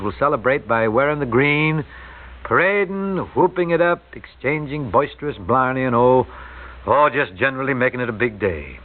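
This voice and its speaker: Folksy man on old-time radio. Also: medium pitch. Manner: folksy, joking, conversational. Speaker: radio host. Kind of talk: chatty radio talk. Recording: tinny old radio broadcast.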